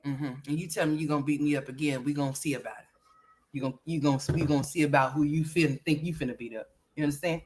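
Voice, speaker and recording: A woman's voice: sits low, fairly even intonation, rapid-fire, a little mellow. A woman hosting a casual livestream, playfully scolding and teasing her young sons. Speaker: livestream host.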